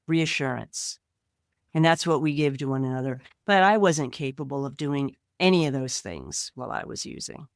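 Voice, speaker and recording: A woman's voice: rumbling low, animated, moderate pace, no echo, studio quality. A woman co-hosting a podcast, talking in an earnest, reflective way. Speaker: podcast co-host. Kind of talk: casual podcast chat.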